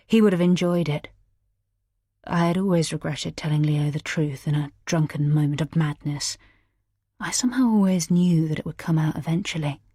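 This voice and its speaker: A woman's voice: sits low, dry recording, clean studio sound. A woman narrating a first-person thriller audiobook in a tense, dramatic manner. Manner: tense, dramatic, shouting in character lines.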